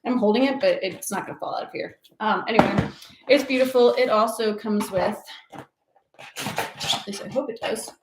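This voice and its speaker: A woman's voice: medium pitch, normal speed, long pauses. A woman hosting a casual livestream show and tell, gushing and laughing often as she talks. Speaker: livestream host. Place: home office. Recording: echoey room with faint noise.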